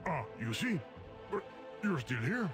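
An exasperated talking game. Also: male voice, a little high, sing-song, measured pace, music in the background. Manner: exasperated, pleading. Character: flustered talking game, male, put-upon.

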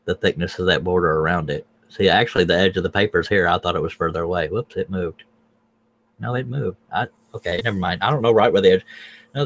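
Deep-voiced folksy man teaching drawing. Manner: folksy, joking, thinks aloud while drawing. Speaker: scroll saw pattern artist, livestream host. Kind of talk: live drawing tutorial with banter.

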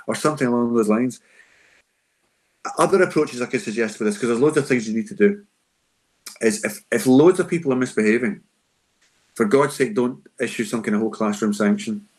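A man with a lilt talks through advice for teachers in an unscripted question-and-answer session. He is emphatic and conversational, with a voice sitting at an ordinary middle pitch. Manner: emphatic and conversational, acting out classroom lines. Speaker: school behaviour adviser answering teachers' questions.

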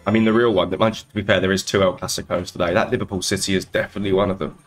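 A man hosting a live slots stream, chatting casually and greeting viewers by name in quick, upbeat bursts. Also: sits low, little pitch movement. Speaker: slot streamer host.

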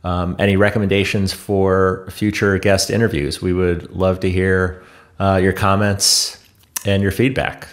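Man, podcast co-host, low voice, loose hesitant chat. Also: flat delivery, measured pace. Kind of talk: casual news chat.

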